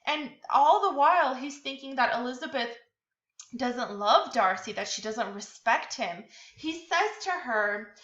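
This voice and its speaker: A bright-voiced woman gives a relaxed tutorial, talking through her slides with lots of fillers and little restarts. Her voice sits a bit high. The sound is echoey and dull, like a lo-fi room recording. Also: a little slow. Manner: chatty, many fillers and restarts. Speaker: literature tutor. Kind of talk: casual lecture over slides.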